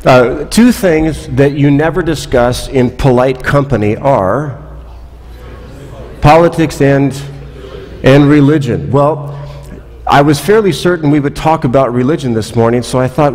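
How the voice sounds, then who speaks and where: A man's voice: medium pitch, unhurried, a little mellow, long reverb tail. A man pastor preaching a sermon in a church, telling stories with wry asides in a conversational way. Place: church sanctuary.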